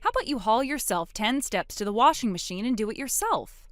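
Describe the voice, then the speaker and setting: A woman narrating a text message story as the wife, trading sharp, sarcastic comebacks. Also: a little high, big pitch swings, brisk, dry recording, studio quality.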